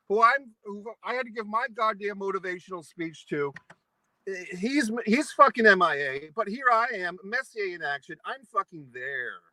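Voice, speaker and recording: Ranting, foul-mouthed bright-voiced man. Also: high voice, no echo, poor audio. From New England. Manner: angry, profane, ranting. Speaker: vlogger. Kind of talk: profane ranting monologue. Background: eating pizza.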